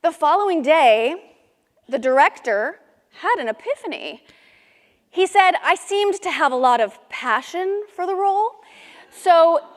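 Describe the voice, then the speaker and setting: A middle-aged woman performing a comic memoir monologue on stage, with indignant, lively storytelling. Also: sits high. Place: live theater stage. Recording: reverberant hall.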